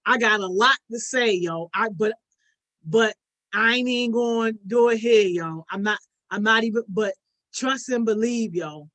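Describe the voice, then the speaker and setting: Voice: mid-range voice, moderate pace, a bit bright. A youth program host on a casual livestream, greeting viewers by name one after another in slangy talk that ends nearly every phrase with "yo". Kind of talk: casual livestream chat with participants.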